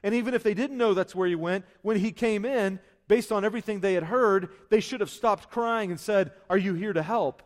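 Male pastor, slightly high voice, conversational sermon, asides, long hall reverb. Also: brisk, few pauses.

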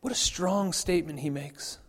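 A male pastor delivers a sermon in an easy, conversational manner, often stumbling and restarting his phrases. His voice sits a little high for a man, and the church around him rings with a long reverb. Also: moderate pace, breathy edge. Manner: conversational, frequent repeated restarts. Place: church sanctuary.

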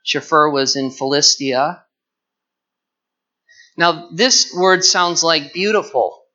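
A man teaches Scripture verse by verse at a slow pace, his voice on the high side, bright, and forceful. He explains the text earnestly and draws out key words, captured in a dull lo-fi recording.

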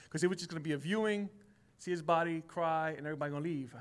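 A man's voice: fairly high pitch, fast. A man in his forties sharing a heartfelt personal testimony at church in casual everyday speech, growing emphatic. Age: 40s.

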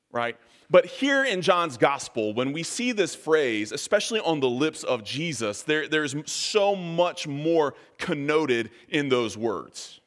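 Male preacher, mid-pitched, deliberate sermon delivery, long church-hall reverb. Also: lively intonation, fairly bright tone. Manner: measured, deliberate, slowing on key phrases. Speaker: pastor.

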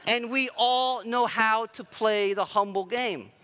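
Guy w a higher voice giving a sermon, chatty, jokes about himself, lots of ums and likes. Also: fairly even intonation, slow pace, bright, forceful tone, clear, resonant tone. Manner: conversational, self-deprecating preaching with filler words. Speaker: pastor.

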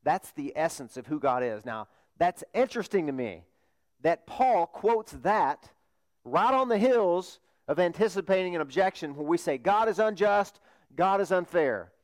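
A man's voice: on the high side, sing-song, moderate pace, a little mellow. A man preaching a sermon as a pastor, talking conversationally and asking his congregation rhetorical questions.

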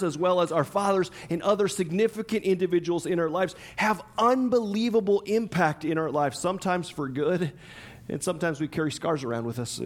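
A man preaching a sermon in a conversational, chatty way, with lots of fillers, restarts and laughter. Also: high-pitched. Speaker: pastor.

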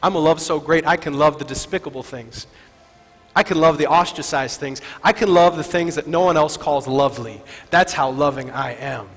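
A man voicing God in the first person during a sermon, making soft, slow, reassuring promises in a reverberant hall with faint music. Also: high voice. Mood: tender. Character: God speaking, gentle reassuring male voice.

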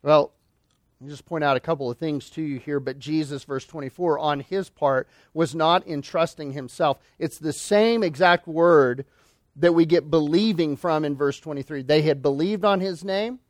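High-voiced man preaching emphatically. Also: normal speed, no room sound, clean studio sound. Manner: emphatic, with rhetorical questions. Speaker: pastor. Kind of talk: expository sermon.

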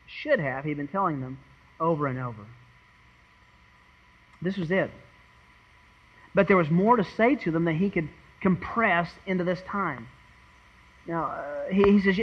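A man with a high voice preaches an earnest, dramatic sermon. He swings from loud emphasis to hushed tones, restarting words as he goes. The recording is slightly muffled and lo-fi. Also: very animated, normal speed, pauses often, slightly rough. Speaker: pastor. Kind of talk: expository sermon.

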